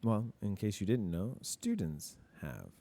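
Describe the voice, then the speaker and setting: A man's voice: lowish voice, very animated, unhurried, vocal fry, mellow. A male teacher talking through grammar examples in a casual lesson, asking and answering his own questions. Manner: casual, admits mistakes openly.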